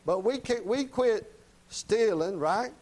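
A man preaches a sermon in a homespun, plainspoken style, his voice a bit high for a male, and he often turns to the congregation with brief tag questions. He is expressive and slow, with a slightly mellow sound. The audio quality is poor.

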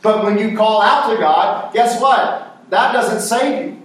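A man's voice: high-pitched, measured pace. A man preaching a sermon in church, posing questions for the congregation to answer back. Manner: call-and-response questions to the congregation. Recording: very echoey church hall, voice from far off.

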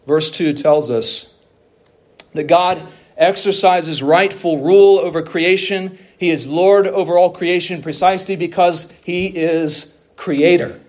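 A pastor preaching a sermon, in a measured, emphatic way with slow, stressed phrases. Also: male voice, sits high.

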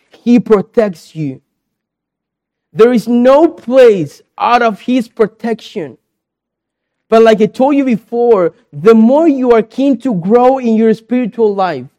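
A man's voice: very high voice, dark tone. A man from South America, a pastor preaching a sermon in earnest, repeated phrases, with a young daughter.

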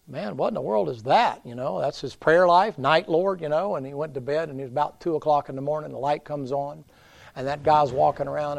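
Gravelly revival preacher. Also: male voice, fairly high pitch, a little hiss or hum. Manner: folksy, storytelling preacher, swings from loud to hushed. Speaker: pastor. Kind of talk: revival sermon.

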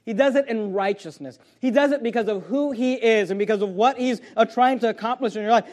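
A man preaching a sermon as pastor, swinging from loud, stretched emphasis to hushed, low delivery. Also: fairly quick, hardly any pauses.

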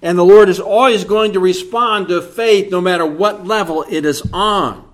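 A man preaching an earnest expository sermon, slow and deliberate. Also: high-pitched.

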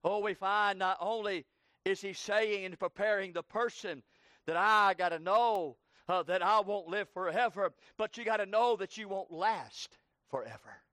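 A male preacher with a strikingly high voice delivers a fervent sermon. He swings from ringing shouts down to hushed pleading and rattles off long lists in quick bursts. The sound is close and dry, with no room around it. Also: no echo. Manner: rapid piled-up lists.

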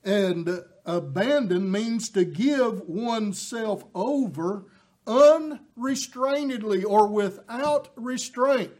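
High-voiced, slow, impassioned male preacher. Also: animated, darkish tone. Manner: impassioned, rising to emphatic peaks; folksy asides with filler words. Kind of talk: sermon.

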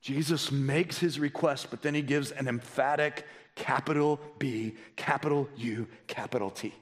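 A man preaching a sermon as pastor, emphatic, swinging between a raised voice and soft pleading. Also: mid-range voice, normal speed, in a large hall.

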